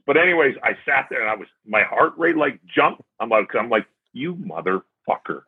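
A man's voice: medium pitch, animated, fairly quick, breathy edge. A man, a former hockey player, telling stories in casual chat as a podcast guest and acting out his own past remarks. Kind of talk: casual storytelling. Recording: tinny phone-like sound.

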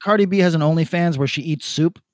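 A man co-hosting a podcast, animated and profane, laughing often in casual chat. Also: a little high, fast talker, dry recording, studio quality. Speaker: podcast co-host.

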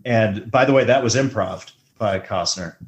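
A man co-hosting a movie podcast in casual chat, joking and getting animated as he riffs on scenes. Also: normal speed. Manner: animated, jokey, rises high when riffing. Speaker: podcast co-host.

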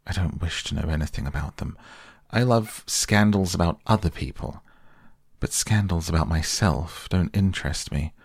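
Petulant, airy young gentleman read by a man: very deep and creaky, with a light, careless lilt. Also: normal speed, no echo, clean studio sound, exaggerated voice. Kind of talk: soft bedtime audiobook reading.

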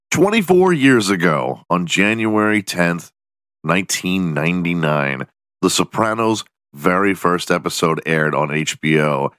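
Low-voiced guy ranting on his podcast, swears a lot, goofy, dead dry sound. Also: fairly bright tone, clean tone, no room sound. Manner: profane, rambling, jokey. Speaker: podcast host. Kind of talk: casual solo podcast rant.

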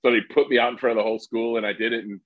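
A middle-aged man from Indiana talks through his past in a casual chat, full of restarts and self-deprecating asides. He speaks quickly, at a pitch typical for a man. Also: flat delivery, phone-quality sound. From Indiana, USA. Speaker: podcast guest, actor.

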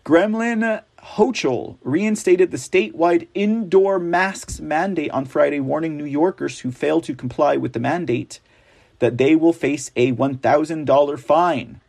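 A man's voice: a little high, gravelly, darkish tone. A man hosting a political news show, reading stories aloud with sarcastic, rambling, mocking asides. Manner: slow, drawn-out delivery.

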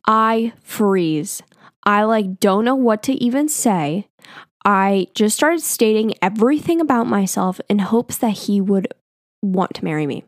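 A woman's voice: mid-range voice, animated, unhurried, no room sound, clean studio sound. A young adult woman telling personal stories in a casual, profane, self-mocking way, full of filler words. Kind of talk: casual storytelling monologue.

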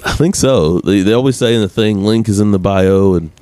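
A man's voice: on the low side, brisk, warm tone. A man co-hosting a podcast, laid-back in casual chat. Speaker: podcast co-host.

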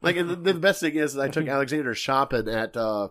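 A man's voice: medium pitch, expressive, a little fast, a bit bright. Laughing chatty male sports host. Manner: laughs often, acts out quotes. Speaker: podcast host. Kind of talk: casual sports talk chat.

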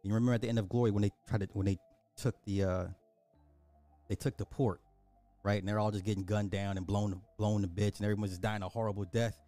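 A man's voice: lowish voice, flat delivery, fast, warm tone, faint music behind. A man casually reviewing a movie on a stream, talking emphatically and repeating his points for effect.

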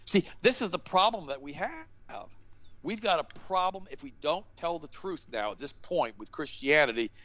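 A man with a slightly higher-than-usual voice talks as a guest on a show. His delivery is fiery and emphatic, rising like a preacher's, and he keeps circling back with rhetorical questions. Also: expressive, moderate pace, a bit bright, dry recording, rough recording. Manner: repeats himself and asks rhetorical questions. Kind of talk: impassioned interview talk.

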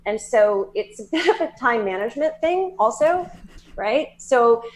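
A woman with a Southern accent, a psychic medium talking as a guest in an interview, animated and laughing, with many fillers and restarts. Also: fairly high pitch, measured pace. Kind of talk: casual interview talk.

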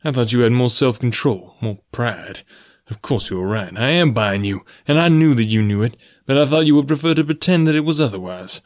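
Man doing a cynical bossy rich guy, smooth and mocking, mid pitch, dry sound. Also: animated, a little fast, no echo, close to an everyday voice. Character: cynical, domineering wealthy man.

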